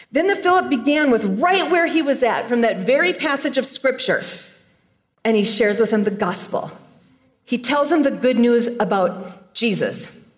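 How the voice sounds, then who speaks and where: A woman preaching a sermon, retelling a scripture story with animated storytelling and playful asides. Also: high-pitched, moderate pace. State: choked up with emotion.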